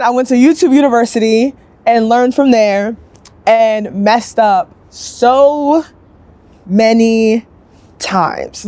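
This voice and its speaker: A young woman sculptor telling her story in a casual, upbeat interview, chatty and lively, acting out other people's lines as she goes. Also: mid-range voice. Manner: chatty, upbeat, quick bursts, acts out quoted voices.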